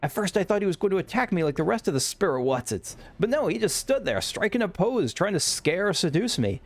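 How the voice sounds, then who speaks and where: A man reading aloud as a brash, hard-drinking female mercenary in a put-on accent, talking gruff and crude. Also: sits high, big pitch swings, fairly quick, pitched above the performer's own voice, exaggerated voice. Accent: put-on unplaced accent.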